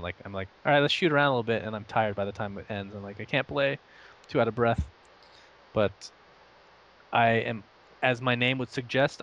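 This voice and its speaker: A young esports caster raised in Saudi Arabia and the United States talks casually as an interview guest in a medium-pitched voice. He rambles, makes fun of himself, and laughs a lot.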